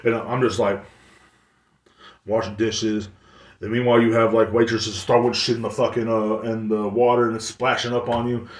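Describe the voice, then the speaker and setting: A man's voice: lowish voice, little pitch movement, normal speed. A man hosting a podcast, telling a long story in a casual, rambling, profane way. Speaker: podcast host. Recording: roomy, distant mic.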